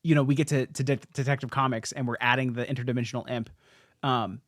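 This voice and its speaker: A young man hosting a casual podcast, retelling old comic stories with lots of "like"s and quick restarts. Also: mid-range voice, no echo, studio quality. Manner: animated storyteller, many "like"s and restarts. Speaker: podcast host. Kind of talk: casual comic-history chat.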